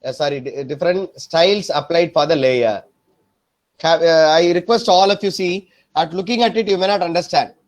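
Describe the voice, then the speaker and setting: Man teaching, checks "am I clear?". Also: fairly high pitch, normal speed. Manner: repetitive, keeps checking "am I clear?". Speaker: design instructor. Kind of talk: screen-recorded software tutorial.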